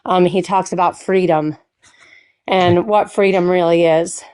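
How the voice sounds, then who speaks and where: A woman calling into a talk show, a nursing student speaking earnestly and haltingly about her worries. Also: fairly low pitch, steady tone, dark tone, clear, resonant tone. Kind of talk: call-in chat.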